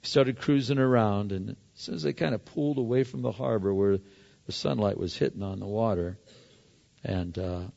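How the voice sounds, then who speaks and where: A middle-aged man preaching a sermon as a pastor, telling stories with sudden loud and quiet turns. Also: on the low side, normal speed, vocal fry. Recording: long hall reverb, dull lo-fi sound.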